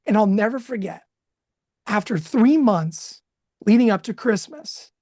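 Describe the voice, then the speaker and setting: A man in his thirties telling a candid personal story, emotional and expressive, laughing now and then. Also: sits high, unhurried, no room sound, clean studio sound. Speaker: guest speaker.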